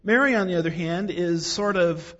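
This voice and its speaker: Man, preaching in an emphatic, folksy way; high voice, long reverb in a big hall, dull sound. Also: moderate pace, a bit bright. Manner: emphatic, rhetorical questions, folksy asides. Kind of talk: sermon.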